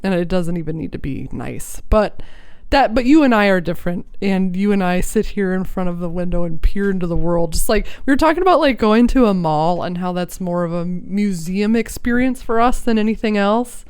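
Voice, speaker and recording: A woman co-hosting a podcast in casual chat, animated and laughing, sometimes bursting out loudly, close to the mic. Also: fairly low pitch, moderate pace, clean tone. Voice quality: animated, laughing, prone to loud outbursts. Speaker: podcast co-host.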